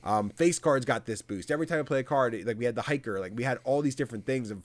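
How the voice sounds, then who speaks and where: A man's voice: medium pitch, fast talker, no echo. A man co-hosting a gaming podcast, chatting casually and telling stories full of fillers and sound effects. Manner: animated storyteller, many fillers and sound effects. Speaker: podcast co-host. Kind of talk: casual chat.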